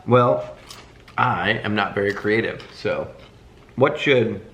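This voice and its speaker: A man's voice: on the low side, slow, fairly bright tone, lo-fi sound, slight background noise. A young man co-hosting a casual chat with a laid-back, dry manner. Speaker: co-host. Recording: roomy echo.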